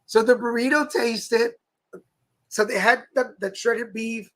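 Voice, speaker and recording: A Mexican man co-hosts a talk show, chatting casually and telling stories in a playful way, laughing often. His voice is very high, a bit bright, and steady in tone, and he speaks a little slowly. The live stream sounds poor, with faint background noise.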